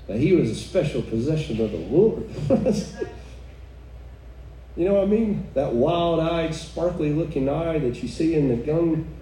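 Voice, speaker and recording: A woman preaches a sermon with fervor, breaking into exclamations and soft chuckles. Her voice is mellow and dark. She is heard from some distance in a reverberant room, with a faint hiss underneath. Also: low-pitched, animated, measured pace. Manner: fervent, exclaiming, chuckling asides. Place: room with a live audience. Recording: echoey room, mic far off, faint noise.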